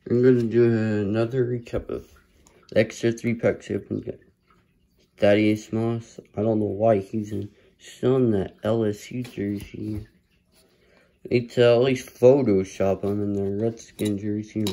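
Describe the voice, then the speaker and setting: A man's voice: fairly low pitch, flat delivery, a little slow, dark tone, low-quality recording. A man casually narrating as he opens trading card packs, muttering hopeful running commentary. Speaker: card collector opening packs. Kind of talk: casual pack-opening commentary.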